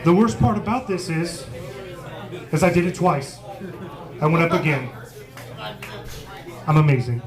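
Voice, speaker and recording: Brash, high-voiced stand-up comedian man. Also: expressive, a little slow, pauses often. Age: 40s. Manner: brash, profane, self-mocking storytelling. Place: small pub comedy stage. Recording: live pub crowd noise. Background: crowd laughing.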